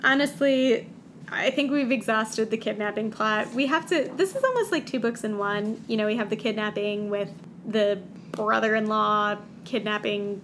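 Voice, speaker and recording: A woman's voice: mid-range voice, moderate pace, a bit bright, slight background noise. A woman co-hosting a casual book chat podcast, giving wry, exasperated commentary. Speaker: podcast co-host.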